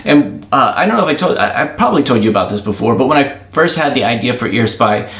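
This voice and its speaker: A man's voice: medium pitch, lively intonation, fast talker, a bit bright. A man hosting his own daily show as an indie app developer, thinking aloud in a casual, rambling monologue. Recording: roomy echo.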